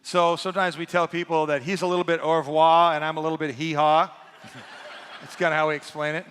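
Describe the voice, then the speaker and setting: A man's voice: fairly high pitch, flat delivery, fairly quick, fairly bright tone, smooth. A man in his sixties from rural eastern Washington, preaching as co-pastor with a folksy, joking, self-deprecating manner. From eastern Washington, USA. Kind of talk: sermon. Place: church sanctuary. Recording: long reverb from a church hall.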